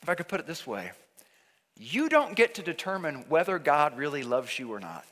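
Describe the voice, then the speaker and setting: A man's voice: on the high side, sing-song, normal speed, a bit bright. A man preaching a sermon as pastor, earnest and emphatic, often repeating himself for emphasis. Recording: long hall reverb.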